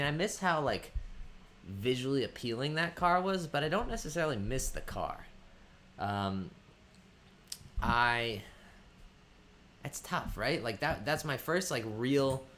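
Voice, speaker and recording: A man's voice: mid-range voice, fairly bright tone, slight background noise. A man hosting a casual live stream who greets viewers by name and thinks aloud with lots of ums as he chats. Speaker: livestream host. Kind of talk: casual livestream chat.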